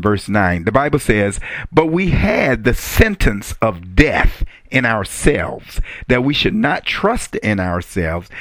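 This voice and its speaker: A man preaching a sermon, repeating key phrases and rising to emphatic high exclamations. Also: no room sound.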